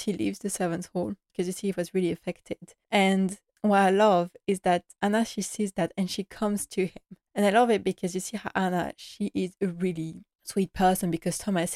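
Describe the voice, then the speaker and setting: Earnest woman recapping a drama, low and flat. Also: no room sound, clean studio sound. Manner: earnest, emotional, many filler likes. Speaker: TV series recap vlogger. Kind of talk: casual episode recap.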